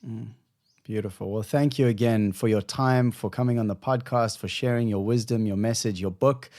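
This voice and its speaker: A man hosting a podcast, speaking in a heartfelt, effusive way and thanking his guest and listeners warmly. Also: on the low side, fairly even intonation, normal speed. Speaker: podcast host. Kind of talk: conversational podcast talk.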